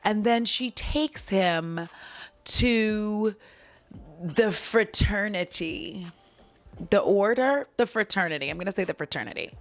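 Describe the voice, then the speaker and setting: A woman's voice: mid-range voice, animated, takes it slowly, soft background music. A woman hosting a casual movie recap vlog, giggly and rambling, with plenty of swearing.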